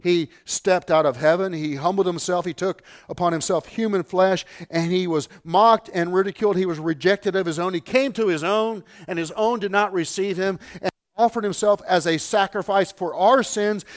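Male preacher, slightly high pitch, emphatic delivery that swings between low and raised. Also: normal speed. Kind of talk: sermon.

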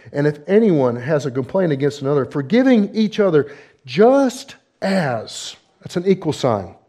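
Pastor, male, fairly high voice; emphatic sermon delivery with rhetorical questions and dramatic slowdowns on key words. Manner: emphatic preaching with rhetorical questions and big swings in pitch and loudness; slows down to stress key words.

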